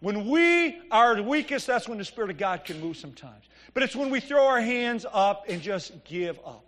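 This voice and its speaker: A man's voice: sits high, very animated, normal speed, a bit bright. A man preaching a sermon in a church, telling stories conversationally and asking the congregation "Amen?". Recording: long reverb of a church hall.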